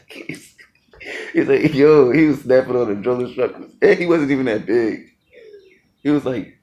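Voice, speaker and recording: A man's voice: on the low side, darkish tone. Laid-back man with slangy street talk. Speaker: former Marine telling a story. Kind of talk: casual storytelling vlog.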